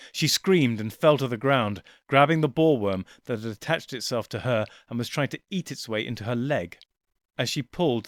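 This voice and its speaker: A man's voice: mid-range voice, dry recording, studio quality. Man reading a sci-fi story aloud. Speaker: audiobook reader. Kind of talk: scripted narration.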